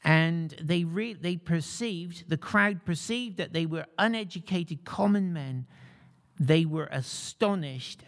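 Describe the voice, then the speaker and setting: A man's voice: fairly high pitch, long reverb tail. A man preaching a sermon in a conversational way, putting questions to his congregation.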